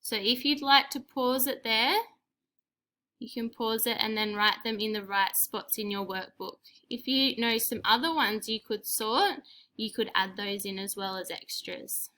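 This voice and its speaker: A young woman, teaching a recorded spelling lesson to young children, clear and encouraging with prompts and praise. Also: a little high, a little slow, sharp tone. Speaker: primary school teacher.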